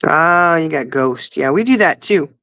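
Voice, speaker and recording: A woman's voice: deep voice, animated, a little slow, a bit bright, dry recording, rough recording. A woman co-hosting a casual livestream chat, telling stories and laughing often. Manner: giggly storyteller, laughs often. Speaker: livestream co-host.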